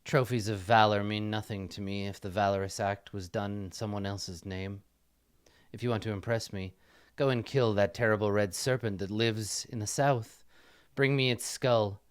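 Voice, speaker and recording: A cold, vain queen, as a man puts her on for a tabletop game, speaking with slow, measured command. The voice sits low and sounds close and dry. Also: steady tone, smooth, no room sound, natural voice. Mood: imperious. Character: haughty veiled queen, woman, imperious and vain.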